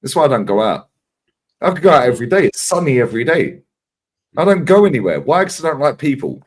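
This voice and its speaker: A man's voice: medium pitch, fast, slightly rough. A man, telling stories on a fan livestream, swearing often and acting out what others said. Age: 40s. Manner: animated, swears freely, acts out others' lines. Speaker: regular guest on a fan livestream. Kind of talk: casual storytelling chat.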